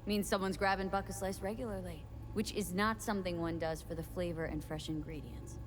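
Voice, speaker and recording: A woman's voice: lowish voice, steady tone, brisk, a little hiss or hum, lightly acted. An actress voicing a female game protagonist, a wry street detective with a dry, sardonic way of talking. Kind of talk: game character dialogue. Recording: game audio with music behind.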